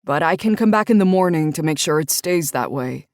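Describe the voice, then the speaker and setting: A woman voicing a steady, dry-humored young man who speaks in short, understated lines. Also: fairly high pitch, brisk, no echo. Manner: terse, understated.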